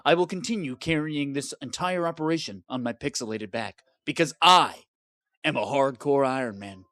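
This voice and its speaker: Woman voicing a melodramatic, put-upon game hero, high voice, dry close sound, comic diary rant. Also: sing-song, normal speed, fairly bright tone, dry recording. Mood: weary. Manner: sarcastic, melodramatic complaining. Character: long-suffering male game hero stuck in a cave. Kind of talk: comedic diary monologue.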